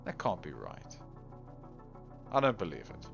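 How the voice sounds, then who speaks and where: Chatty, animated man playing a game. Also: sits low, a little slow, creaky. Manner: chatty, exasperated at the game, laughs at himself, hums tunes. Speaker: gameplay commentator. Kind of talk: casual let's-play commentary. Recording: slightly dull lo-fi recording with faint music.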